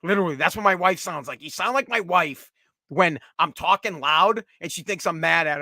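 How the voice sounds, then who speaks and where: Brief: a blunt male pundit, forceful and bright, swearing freely. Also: a little high, moderate pace, dry recording, studio quality. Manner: blunt, profane, heated. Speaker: commentator. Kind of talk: opinionated solo commentary.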